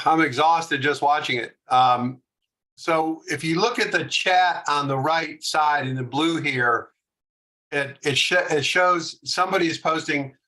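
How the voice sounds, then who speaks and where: A man's voice: a little high, pushed and bright. A man presenting a webinar over a video call, talking casually with frequent hesitations. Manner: casual, hesitant, many fillers. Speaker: workshop presenter. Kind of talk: webinar commentary.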